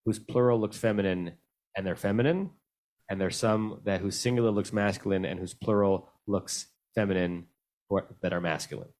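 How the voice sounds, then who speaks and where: A man's voice: fairly low pitch, darkish tone. A male rabbi leading a conversational text study class, calling on participants by name and answering their questions thoughtfully. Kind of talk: conversational Bible study discussion. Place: synagogue class held over video call.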